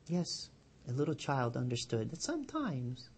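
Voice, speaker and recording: A man, a rabbi, giving a weekly Torah sermon, telling a story with lively quoted voices and then dropping low and quiet to draw the lesson. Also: normal speed, pauses often, husky. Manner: animated storyteller, loud and high when quoting.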